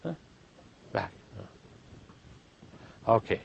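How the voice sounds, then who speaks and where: A man's voice: mid-range voice, animated, unhurried. A man teaching a German class, drawing out vowels to demonstrate them and checking in with "huh?" after each point. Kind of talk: classroom lecture.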